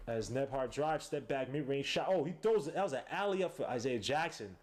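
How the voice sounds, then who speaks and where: A man hosting a podcast, giving live play-by-play commentary on a game he is watching, excitable and slangy, bursting into shouts at big plays. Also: mid-range voice, brisk. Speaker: podcast host.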